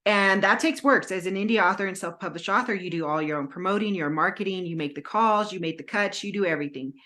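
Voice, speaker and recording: A woman co-hosting a podcast, telling a story with lively energy and acting out her own phone calls. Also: mid-range voice, quick pace. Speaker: podcast co-host, indie author. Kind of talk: casual podcast chat. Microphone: home setup with green screen, video call.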